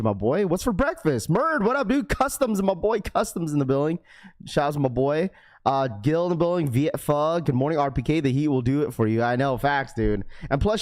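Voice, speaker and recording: A man's voice: medium pitch, a little mellow. Young male streamer, easygoing and upbeat, rattling off greetings to chat. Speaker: live stream host. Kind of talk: casual live stream chat.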